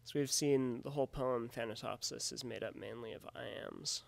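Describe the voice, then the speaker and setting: A man with a gravelly voice talks through a lesson in a measured, explanatory way. He sounds like he is reading from a prepared script for his class. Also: mid-range voice, fairly even intonation. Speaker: teacher.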